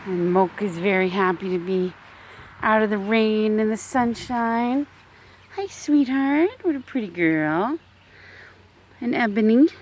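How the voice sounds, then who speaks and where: A woman's voice: medium pitch, darkish tone, husky. A woman filming her chickens outdoors in a backyard, talking to them in cooing, affectionate baby talk with frequent laughter, recorded on a handheld phone. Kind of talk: casual vlog narration.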